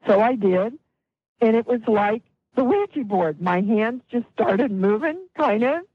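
A middle-aged or older woman, a guest healer, telling a story in an interview with animated delivery and acted-out quotes. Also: on the high side, measured pace, breathy edge, no room sound, lo-fi sound.

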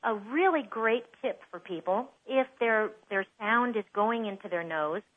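A woman's voice: a little high, lively intonation, measured pace. Voice coach woman on a phone line. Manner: warm explanatory, demonstrates voices. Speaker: voice coach guest. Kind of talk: interview over the phone.

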